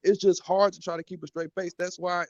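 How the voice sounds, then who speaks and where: A man's voice: sits high, level tone, brisk, highs cut off. A man, a guest, talking emotionally and defensively, cursing and fighting back tears. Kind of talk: emotional call-in talk.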